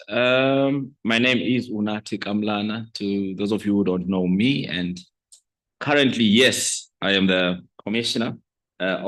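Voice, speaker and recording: A man from South Africa giving a conference keynote as a regulator, speaking in a measured, hesitant way with many fillers. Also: fairly low pitch, fairly bright tone. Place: conference stage.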